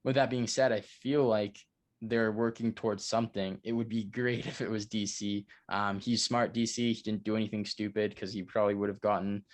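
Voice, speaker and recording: A young man co-hosting a podcast, talking in a halting, filler-heavy, agreeable way in casual sports chat. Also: on the low side. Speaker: podcast co-host.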